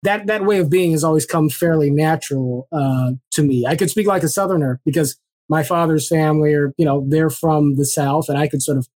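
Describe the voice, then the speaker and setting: A man speaking as an interview guest in a reflective, measured way with many fillers. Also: fairly high pitch, darkish tone, no echo. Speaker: guest, former congressional candidate. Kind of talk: reflective conversational storytelling.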